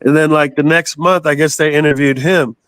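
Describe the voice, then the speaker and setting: An older man telling a story as an interview guest, animated, swearing freely and laughing as he goes. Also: on the high side, a little fast, dry recording. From southern United States. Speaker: guest musician.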